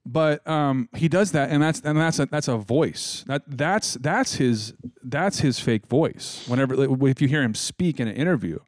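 A man's voice: mid-range voice, normal speed, hardly any pauses, dry recording, clean studio sound. A man telling a rambling, joking story in casual chat, with lots of restarts. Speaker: podcast co-host.

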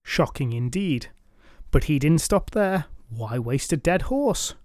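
A man's voice: a little high, lively intonation, slow, a little mellow, no room sound, studio quality. A man narrating a folk tale in a wry, dryly humorous scripted style. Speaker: storyteller.

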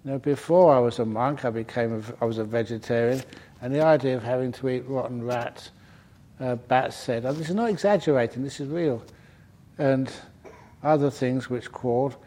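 A monk from the United Kingdom teaches at a retreat, answering questions in a dharma talk in a warm, medium-pitched voice at normal speed with fairly even intonation. He tells humorous stories and often chuckles at them himself.

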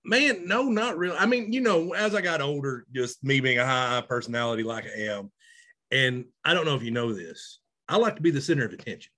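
A man, co-hosting a podcast in casual chat, animated and self-mocking. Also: mid-range voice, brisk. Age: 30s. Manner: animated, loud, self-mocking, laughs often. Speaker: podcast co-host.

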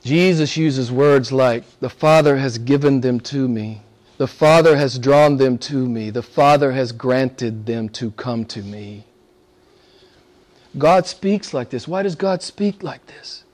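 A pastor preaches a sermon in church, his medium-pitched voice slow and emphatic. He poses rhetorical questions and swings between hushed and forceful delivery.

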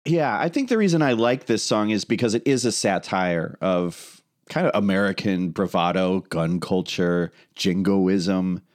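Laid-back guy with a lowish voice, thinking out loud on a chat podcast. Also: measured pace, hardly any pauses. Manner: thoughtful, relaxed, musing with hedges and fillers. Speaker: podcast co-host. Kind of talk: casual chat.

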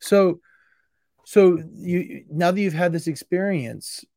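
A man's voice: high-pitched, slow pace, mellow, no room sound, clean studio sound. A man hosting an interview, asking questions in an informal way and thinking aloud with frequent restarts. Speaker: interview host. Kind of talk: casual conversational interview.

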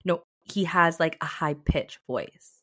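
A woman's voice: sits low, slow, fairly bright tone. A young woman co-hosting a podcast, chatting casually and gushing, with lots of filler words. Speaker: podcast co-host. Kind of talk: casual chat.

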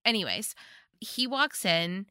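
A woman's voice: mid-range voice, very animated, slow, bright, forceful tone, clear, resonant tone, no echo, clean studio sound. A woman co-hosting a podcast, casually recapping a movie, giggly and gushing with frequent swearing. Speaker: podcast co-host.

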